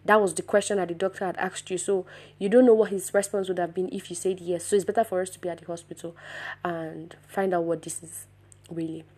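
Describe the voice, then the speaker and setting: A woman vlogger telling her own story in a casual, animated way, speaking straight to her viewers with sudden louder, higher bursts of emphasis. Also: brisk, slightly rough. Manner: addresses viewers directly.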